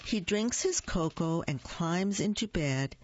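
Woman storyteller, children's read-aloud; lower voice, dry, dull lo-fi recording. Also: lively intonation, dry recording. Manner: slow, gentle, asks young listeners questions. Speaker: storyteller reading picture books.

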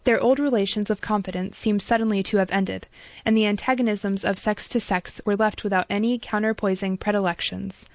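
A woman narrates a classic novel in a measured, formal way, at a middle pitch. The recording is dull and lo-fi, with a dry, close sound. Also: fairly even intonation, no echo. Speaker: audiobook narrator.

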